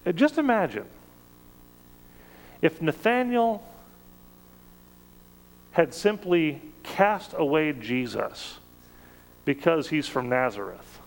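A man preaching a sermon in a measured, conversational way, with emphatic rises on key words. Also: fairly high pitch, very animated, vocal fry, in a large hall, rough recording.

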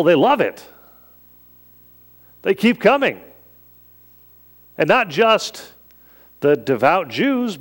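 A man's voice: high voice, a bit bright. A man preaching a sermon as a pastor, in a conversational way that leans on rhetorical questions.

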